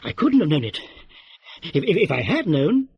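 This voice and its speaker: A man's voice: a little high, very animated, normal speed, husky, dry recording, lo-fi sound, heavily acted. A man voicing a blunt, lecturing young man in an audiobook reading. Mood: blunt, flustered. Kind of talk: audiobook character voice.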